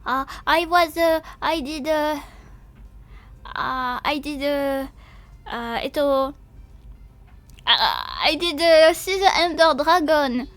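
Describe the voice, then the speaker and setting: A woman's voice: high voice, slow pace, pauses often, a bit bright. A woman streamer in casual live chat, giggly and apologetic, hesitant with many fillers, talking while she eats and drinks. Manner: talks while eating and drinking.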